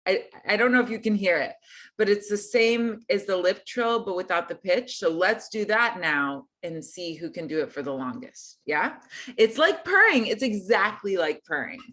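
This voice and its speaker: A woman's voice: mid-range voice, moderate pace, fairly bright tone. A woman teaching an online group singing lesson, friendly and encouraging in a casual way.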